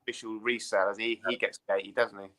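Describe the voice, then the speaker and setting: A man with a low, bright voice talks football in a fast, chatty stream. He keeps asking his listeners to agree with him. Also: flat delivery. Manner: quick, chatty, asks for agreement with tag questions. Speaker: panelist. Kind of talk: casual chat about football.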